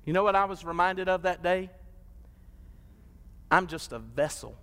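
A man preaching a sermon, building to drawn-out, impassioned peaks. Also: high voice, lively intonation, fairly bright tone, clean tone. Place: church sanctuary. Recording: long hall reverb.

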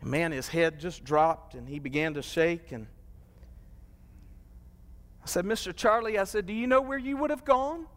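A man preaching a sermon, building to drawn-out, impassioned peaks. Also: high-pitched. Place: church sanctuary. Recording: long hall reverb.

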